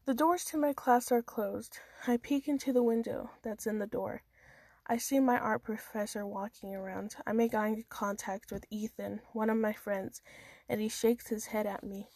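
A woman's voice: on the high side, fairly even intonation, moderate pace, a little mellow, no echo. A woman reading her own first-person story aloud in a casual amateur manner, with small stumbles and restarts.

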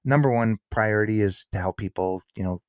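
Man, podcast guest, earnest and emphatic, lower voice, dry close sound. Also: brisk, no room sound. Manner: earnest, emphatic, acts out quotes. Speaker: author and guest. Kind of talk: podcast interview.

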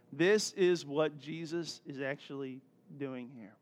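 A male pastor delivering a sermon in a bright, high-pitched voice. He preaches like he is chatting with the congregation, telling lively stories and laughing often. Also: measured pace. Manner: animated storytelling preacher, acting out voices.

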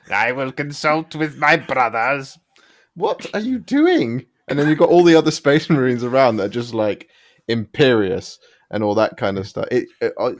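A man with a fairly low voice who rambles through casual podcast talk. He often restarts and hesitates as he goes. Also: darkish tone. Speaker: podcast co-host. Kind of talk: casual chat.

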